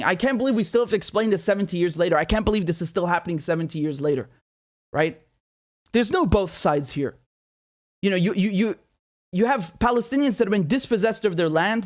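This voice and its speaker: A man hosting political commentary, indignant and passionate, firing off one rhetorical question after another. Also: high voice.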